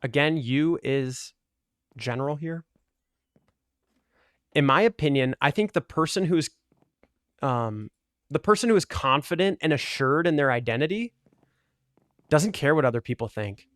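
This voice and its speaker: A man's voice: on the high side, lively intonation, a little slow, long pauses, fairly bright tone, dry recording, studio quality. A man talking earnestly and argumentatively in casual commentary over gameplay, with lots of "like" fillers. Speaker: gaming video creator.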